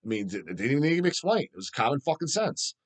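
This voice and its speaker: A man's voice: medium pitch, fast. A middle-aged man hosting a metal channel, ranting profanely and answering viewer questions. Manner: profane, animated, mocks people in put-on voices.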